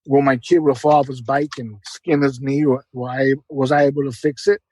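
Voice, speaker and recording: A man's voice: mid-range voice, steady tone, moderate pace, darkish tone, dry recording, low-quality recording. A middle-aged man giving an emotional, earnest personal testimony as a podcast guest, often repeating words.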